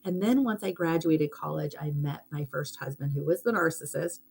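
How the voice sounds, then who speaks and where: Low-voiced woman chatting on a live stream. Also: normal speed, creaky, a little mellow, slight background noise. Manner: rambling and heartfelt, thanks viewers for gifts. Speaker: hypnotist hosting a live stream. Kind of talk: casual live-stream chat.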